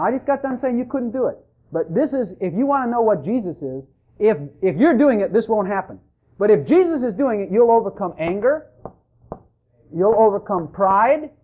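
A preacher delivering a fervent, emphatic sermon in church, repeating phrases and calling out to the congregation. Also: mid-range voice. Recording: tinny phone-like sermon recording.

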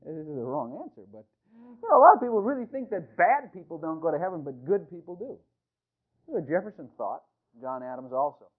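High-voiced preacher on tinny radio. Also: male voice, big pitch swings, fairly quick. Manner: preaching with rhetorical questions to the congregation; swings from loud emphatic calls to quiet asides. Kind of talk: sermon. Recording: tinny phone-like radio broadcast.

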